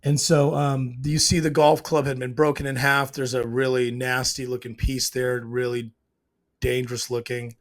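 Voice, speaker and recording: A man's voice: medium pitch, little pitch movement, moderate pace. A man casually breaking down a TV scene, emotional and hesitant, restarting his sentences often. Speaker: show reviewer.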